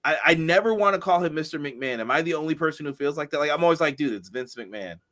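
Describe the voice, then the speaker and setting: Male podcast co-host, slightly high pitch, easygoing, laughs often while reading chat. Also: racing, a bit bright. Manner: laughs often, reads out viewer comments. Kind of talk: casual wrestling review chat.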